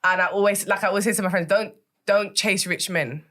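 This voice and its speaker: A woman's voice: mid-range voice, fairly quick, fairly bright tone. A woman hosting a casual chat, earnest and repeating herself for emphasis.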